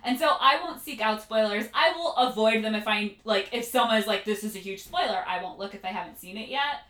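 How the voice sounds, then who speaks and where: A chatty woman co-hosting a podcast, her voice sitting a touch high and often breaking into laughter. She sounds a little off the mic, with a roomy echo around her. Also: fairly quick, bright, forceful tone, recorded from a distance. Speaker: podcast co-host. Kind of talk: casual chat.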